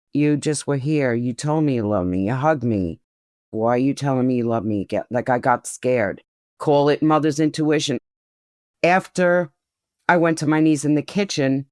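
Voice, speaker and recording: Grieving woman in her sixties, smooth voice. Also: low-pitched, dry recording, studio quality. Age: 60s. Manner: slow, grief-laden retelling, quoting others' words. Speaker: interviewee. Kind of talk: personal testimony.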